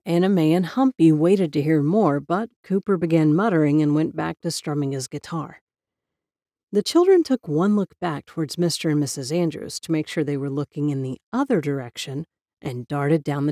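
Mellow woman narrating a ghost story. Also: low-pitched, expressive, no room sound, studio quality. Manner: measured, storytelling.

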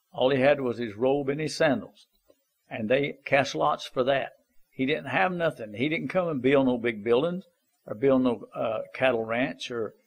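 A man delivering a homespun sermon, pressing his points again and again with earnest urgency. His speech is plain and folksy, with loose grammar and steady exhortation, pitched in an ordinary middle register. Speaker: preacher. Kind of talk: informal sermon.

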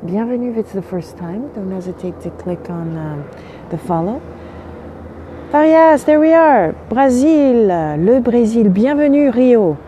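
On a windy seaside morning, a French-accented woman hosts a casual phone livestream outdoors, greeting viewers in French and English. Her slightly high voice is animated and unhurried but still sleepy, and the audio is dull with a little hiss or hum.

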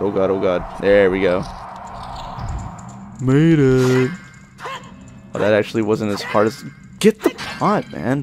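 Young adult man, lowish voice, casual gameplay commentary, cussing and yelping, game music behind. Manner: profane, excitable running commentary with sudden exclamations. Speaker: let's play gamer.

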